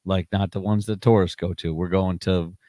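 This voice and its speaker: Guest, man, very low voice, loose rambling storyteller, dry close sound. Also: steady tone, moderate pace, dark tone, dry recording. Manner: rambling, crude anecdotes, dropping low at times. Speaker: podcast guest. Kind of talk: casual chat.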